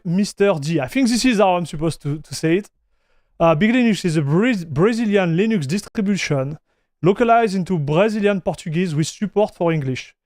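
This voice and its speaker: High-voiced chatty male streamer, dry sound. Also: no room sound. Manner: chatty, greets viewers, reads chat aloud; frequent restarts and fillers. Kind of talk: casual live-stream chat.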